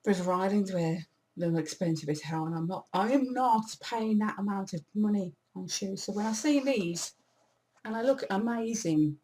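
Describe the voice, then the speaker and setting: A woman's voice: medium pitch, mellow. A woman, chatting casually and rambling in a self-deprecating way as a vlogger. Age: 40s. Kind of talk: casual monthly favourites chat.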